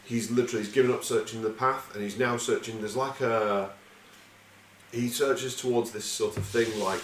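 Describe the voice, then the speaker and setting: A man's voice: medium pitch, steady tone, normal speed, a bit bright. A man running a tabletop game as game master, narrating casually with loose, rambling asides and swearing. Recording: echoey room with faint noise.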